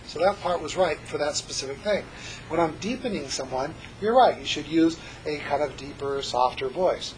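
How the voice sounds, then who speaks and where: A man teaching a hypnosis class, jumping between a lively, joking lecture voice and soft, slow hypnotic demonstrations. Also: fairly high pitch, a little hiss or hum, low-quality recording. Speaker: hypnosis instructor. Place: classroom with students.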